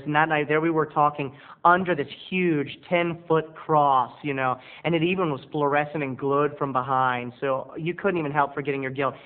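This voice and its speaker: A man rambles through a self-mocking confessional monologue, his voice sitting a little high. The sound is thin and tinny, like a phone line. He talks to the camera from his bedroom studio. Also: steady tone, normal speed. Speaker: video blogger.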